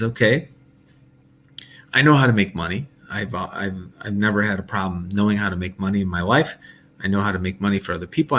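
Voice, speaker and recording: A man's voice: on the low side, fairly bright tone, a little hiss or hum. A man talking casually to his audience in a loose, rambling monologue, restarting sentences and laughing often.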